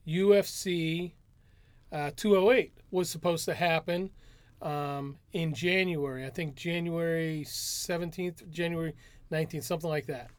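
A man co-hosting a podcast, relaxed and rambling a bit as he explains news. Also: a little high, measured pace, clear, resonant tone, dry recording. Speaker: podcast co-host. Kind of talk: casual podcast chat.

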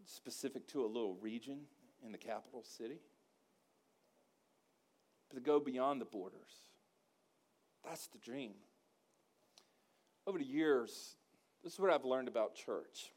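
A man's voice: mid-range voice, a little slow, pauses often. A male pastor preaching a sermon, folksy and joking, calling for responses from the congregation. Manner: rising to loud emphatic preaching with call-and-response.

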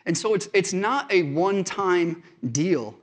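A male pastor preaching in a slightly high-pitched voice. He speaks conversationally and earnestly, weaving stories from home life into his sermon. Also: a little slow. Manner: conversational storytelling from family life.

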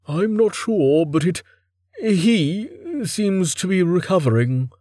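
A man voicing a careful healer who speaks in hesitant, measured phrases. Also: high-pitched, lively intonation, mellow, dry recording, studio quality, voice pushed up, full character voice. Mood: uncertain.

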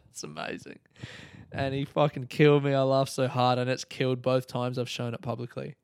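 A man's voice: mid-range voice, little pitch movement, brisk, hardly any pauses, clear, resonant tone, dry recording, studio quality. A young man hosting a podcast, talking on his own in a rambling, candid way and swearing freely. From Australia. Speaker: podcast host. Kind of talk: casual solo podcast monologue.

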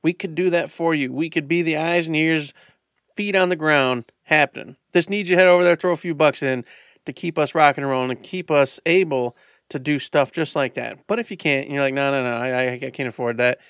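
A man's voice: fairly quick, a bit bright, dry recording, studio quality. A man co-hosting a podcast, playfully pleading with listeners in casual chat. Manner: playful, pleading sales pitch. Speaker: podcast co-host.

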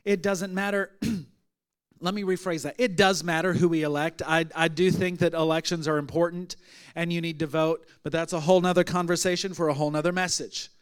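A pastor preaching a sermon, telling a story with swings from loud, energetic bursts to hushed, intimate retelling. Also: male voice, on the high side, brisk, smooth.

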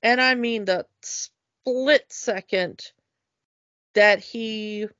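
A woman co-hosting a casual chat, speaking slowly with lots of fillers and eager restarts. Her voice sits at an ordinary pitch, and the recording sounds dull and lo-fi in a dead, dry space. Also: a bit bright, smooth, no echo. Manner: enthusiastic, halting with many fillers and restarts.

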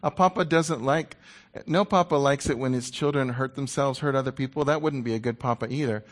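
A middle-aged man preaching a sermon in a conversational, playful way, dropping to a hushed voice when he quotes God. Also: mid-range voice, a little fast.

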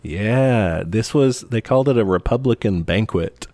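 This podcast co-host has a lowish voice and a measured pace, with no echo on the audio. He's relaxed as he talks about a film and explains history, leaning heavily on fillers such as "like" and "you know."

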